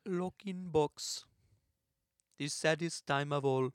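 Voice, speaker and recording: A man voicing a mime's translator in a put-on French accent, speaking slowly and sorrowfully. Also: a little high, no room sound, clean studio sound. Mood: mock-sad. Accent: mock French. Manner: slow, sorrowful mock-translation. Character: man mimicking a mime in a mock French accent.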